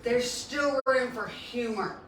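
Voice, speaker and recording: A woman bookstore owner telling an animated story at a live book event. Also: a little high, slow, a crowd in the background. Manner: animated retelling, laughs into quotes. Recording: echoey room, distant mic, faint noise.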